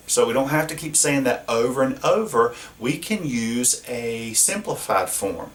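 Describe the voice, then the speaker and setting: A man's voice: medium pitch, lively intonation, unhurried, few pauses. A man teaching a grammar lesson at a whiteboard, explaining patiently and asking his students questions. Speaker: Spanish teacher. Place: classroom. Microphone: camera across the room. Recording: echoey room from a distance.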